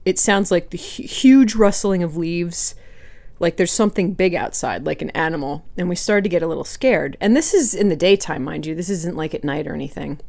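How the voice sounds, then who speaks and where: A woman's voice: fairly low pitch, a little mellow. A woman food vlogger telling a casual storytime while eating, chatty and rambling, laughing now and then.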